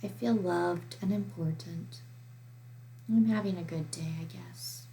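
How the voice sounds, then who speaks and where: A woman acting out a sad friend who mumbles quietly that her day is fine. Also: on the low side, unhurried, vocal fry, a little hiss or hum, pitched below the performer's own voice. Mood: glum. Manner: quiet, flat, mumbling toward the floor.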